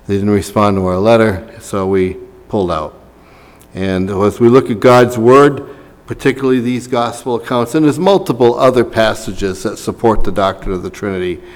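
A man's voice: medium pitch, big-room sound. A man preaching a sermon in a conversational way, with asides to the congregation. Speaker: pastor.

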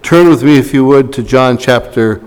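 A man's voice: medium pitch, normal speed, a little mellow, smooth, long reverb tail. A man preaching a sermon in a conversational way, with asides to the congregation. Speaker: pastor.

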